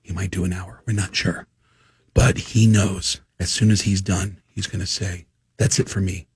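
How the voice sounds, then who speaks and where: A man putting on a hushed, cautious male comedy club manager who talks low and quiet. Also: little pitch movement, moderate pace, slightly rough, no room sound. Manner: low, murmured delivery.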